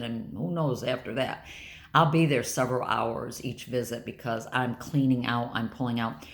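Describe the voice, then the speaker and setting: Creaky older woman venting on a vlog. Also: rumbling low. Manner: candid, rambling and blunt. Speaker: vlogger. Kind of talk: casual personal vlog.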